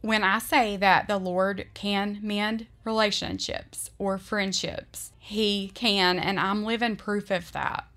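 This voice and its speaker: Woman home vlogger, sincere and emotional, medium pitch, unhurried heartfelt delivery. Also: fairly even intonation, a bit bright. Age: adult. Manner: earnest, emotional, often slow and deliberate. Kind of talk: heartfelt faith-based vlog talk.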